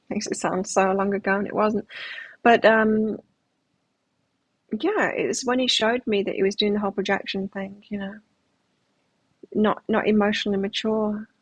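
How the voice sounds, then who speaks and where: A woman's voice: medium pitch, steady tone, unhurried, long pauses, slightly rough, dry recording, low-quality recording. A middle-aged woman giving a live tarot reading, talking in a reflective, self-help manner with frequent restarts. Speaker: tarot reader.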